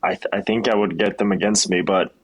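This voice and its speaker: Soft-spoken young Swedish man. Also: sits low, fairly even intonation, fast. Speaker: guest athlete. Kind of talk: casual chat.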